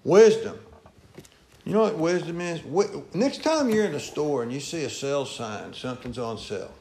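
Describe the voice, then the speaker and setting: Pastor, male, lively folksy sermon delivery, roomy church sound. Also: normal speed, slight background noise. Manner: folksy preaching, swings between loud calls and low asides. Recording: echoey church room.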